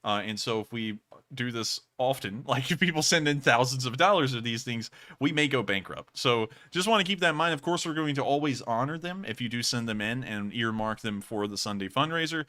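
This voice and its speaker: A man's voice: medium pitch, expressive, fairly quick, few pauses, sharp tone. A man from Alabama, co-hosting a casual livestream, reading out donations and thanking viewers at length, with a lot of repetition. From Alabama, USA. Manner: thankful, rambling, repeats thanks often. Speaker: livestream co-host.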